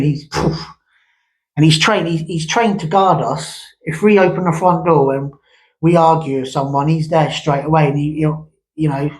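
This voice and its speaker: A man's voice: a little high, low-quality recording. A man telling a long ghost story from his past in a rambling, conversational way, with many restarts and asides. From England. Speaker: vlogger.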